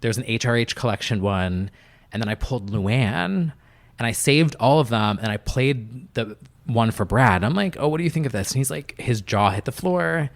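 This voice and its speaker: A man's voice: mid-range voice, lively intonation, normal speed, vocal fry. Chatty young man telling stories. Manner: chatty, filler-heavy storytelling with many "like"s. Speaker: podcast guest, music producer. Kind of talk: casual interview chat.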